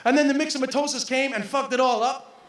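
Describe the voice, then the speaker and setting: High-pitched, animated stand-up comedian man. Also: fast. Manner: animated, laughing, crude. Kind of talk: stand-up storytelling. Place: comedy venue stage. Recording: roomy live venue from a distance.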